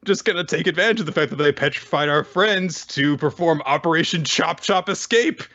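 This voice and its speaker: A man's voice: fairly high pitch, fairly quick, sharp tone, highs cut off, pitched above the performer's own voice. A man briefly voicing a confident young male scientist character within a casual recap. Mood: smug.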